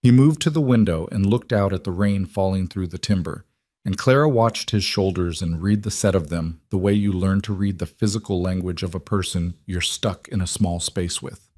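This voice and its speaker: Casting note: male storyteller, low and dry, calm scripted narration. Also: normal speed, dry recording.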